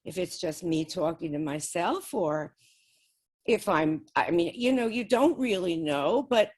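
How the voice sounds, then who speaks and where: A woman's voice: fairly low pitch, lively intonation, unhurried, a little mellow. A woman speaking as an interview guest, telling a personal story in a casual, chatty way with frequent small laughs. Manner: chatty, laughs often between sentences. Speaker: guest describing spirit communication experiments.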